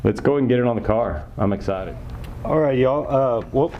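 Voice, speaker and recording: A man's voice: medium pitch, moderate pace, dull audio, slight background noise. A man casually talking viewers through a car part install, upbeat and folksy. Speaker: car enthusiast vlogger. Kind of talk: casual how-to talk.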